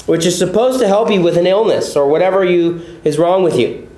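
A man's voice: high-pitched, brisk, warm tone, echoey room, low-quality recording. A male pastor teaching a sermon, explaining a text step by step, repeating key points and putting questions to his listeners.

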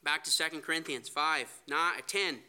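A man's voice: a little high, normal speed, bright, forceful tone, clean tone. A man preaching a sermon, earnest, reading scripture aloud. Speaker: pastor.

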